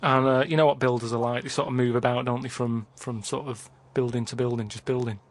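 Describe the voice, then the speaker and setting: A man telling a long, halting anecdote in a flat, deadpan way on a comedy podcast. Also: medium pitch. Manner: halting, repetitive, unhurried.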